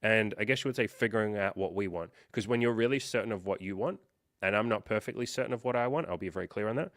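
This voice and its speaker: A man hosting a livestream as a life coach, chatting casually and reading out viewer comments, with lots of fillers and quick quoted reactions. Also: on the low side, fairly bright tone, no room sound, clean studio sound.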